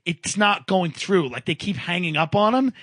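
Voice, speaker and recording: A man's voice: high voice, lively intonation, moderate pace, fairly bright tone, no room sound, studio quality. A man co-hosting a comedy podcast, telling rambling stories in casual chat and acting out the people in them with exaggerated voices. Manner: rambling storyteller, acts out quoted people in big exaggerated voices. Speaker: podcast co-host.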